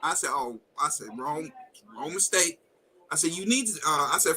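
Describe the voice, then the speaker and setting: A man's voice: sits high, lively intonation, fairly quick, pushed and bright, a little hiss or hum, low-quality recording. A man hosting a live talk stream, telling a personal story in a blunt, profane, heated way and acting out the quoted dialogue. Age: adult with a wife and kids. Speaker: host. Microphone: video call setup.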